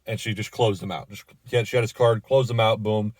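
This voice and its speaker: A man's voice: on the low side, steady tone, brisk, darkish tone, dry recording. A man who manages a bar, telling a story in a casual rant that is full of swearing, fillers and restarts.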